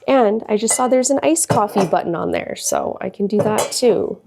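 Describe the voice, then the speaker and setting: A woman's voice: medium pitch, lively intonation, moderate pace, gravelly, noisy background. A woman vlogger chatting casually and gushing, with lots of "like" and "um" fillers. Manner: chatty, gushing, many likes and ums. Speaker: lifestyle vlogger. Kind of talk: casual chat.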